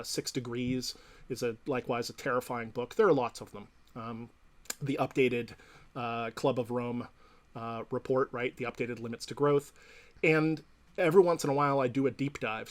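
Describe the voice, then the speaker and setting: A man giving a long reflective interview answer as a professor and psychotherapist, thoughtful and explanatory, often checking in with "right?" and "you know". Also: medium pitch. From Canada.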